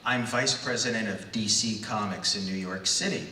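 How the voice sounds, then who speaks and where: A man putting on the voice of a dour, formal company executive, with halting and stiff delivery, on a stage in an echoey hall. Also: fairly low pitch, bright, forceful tone, slight background noise, voice pushed down. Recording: echoey hall, far from mic.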